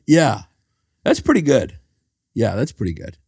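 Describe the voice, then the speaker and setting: A man trades crude jokes and deadpan asides in casual conversation. His voice is gravelly, and his pitch moves up and down a lot. The recording is dry and close. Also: a little slow, dry recording. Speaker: podcast guest, comedian. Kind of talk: casual comedic chat.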